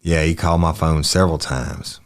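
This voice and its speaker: A man's voice: extremely low pitch, steady tone, normal speed. A man reading out the answers of a young male witness in a police interview, polite and brief. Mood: plain. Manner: short answers, polite "yes, sir".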